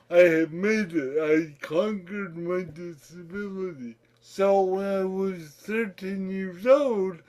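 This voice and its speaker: Middle-aged guy, slow careful speech from cerebral palsy, high voice, candid storytelling. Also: darkish tone. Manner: candid, reflective, breaks into laughter. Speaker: podcast guest. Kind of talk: personal storytelling.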